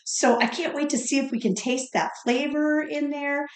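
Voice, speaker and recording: A woman's voice: sits high, fairly even intonation, moderate pace, reverberant. A woman co-hosting a casual cooking podcast, gushing with enthusiasm about a dish as she tastes it. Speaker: podcast co-host.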